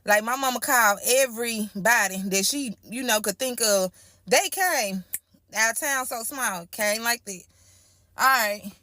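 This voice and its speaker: A woman's voice: fairly high pitch, a little slow, sharp tone, no echo, studio quality. A young woman telling an emotional storytime about a traumatic night, acting out the voices of the people involved. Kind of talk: storytime vlog.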